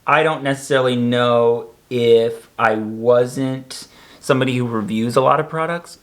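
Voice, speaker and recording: A man's voice: medium pitch, steady tone, measured pace. A young man casually reviewing makeup in a chatty, campy vlog with joking asides.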